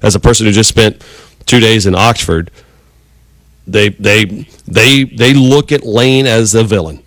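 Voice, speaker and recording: A man's voice: on the low side, measured pace, a bit bright, dry recording. A man hosting a sports talk radio show, chatting casually and rambling with restarts. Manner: rambling, conversational, many restarts.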